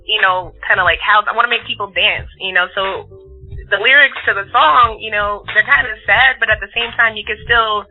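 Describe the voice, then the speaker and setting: A woman guest talks loosely and warmly about her music, filling her speech with "like" and "you know." Her voice comes through a narrow phone line. Faint music plays behind her. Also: medium pitch, moderate pace. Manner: chatty, lots of "like" and "you know". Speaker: singer guest. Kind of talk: casual interview chat.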